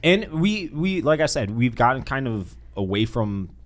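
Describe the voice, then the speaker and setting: An eager, agreeable man co-hosts a casual podcast chat and gives his opinions freely. His voice sits at an ordinary, mid-range pitch. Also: big pitch swings, moderate pace.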